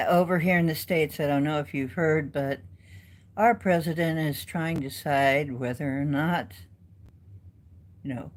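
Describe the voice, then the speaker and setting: A woman hosting a casual livestream, chatting in a rambling way and replying to viewers in the chat. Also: rumbling low. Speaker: livestream host.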